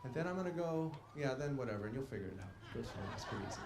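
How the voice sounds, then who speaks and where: A man's voice: medium pitch, expressive, rapid-fire, background noise. A man singing on an outdoor stage and playfully coaching the crowd to sing along, through a stage microphone. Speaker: singer and entertainer. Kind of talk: live concert singing with crowd banter. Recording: echoey outdoor stage recording with loud band.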